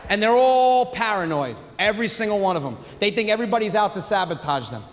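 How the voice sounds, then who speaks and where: Young male stand-up comic, brash storyteller, high voice, reverberant theater stage mic. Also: fast. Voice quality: brash storytelling, animated punchlines. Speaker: stand-up comedian. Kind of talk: stand-up comedy set. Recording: stage mic in a hall with long reverb, faint noise.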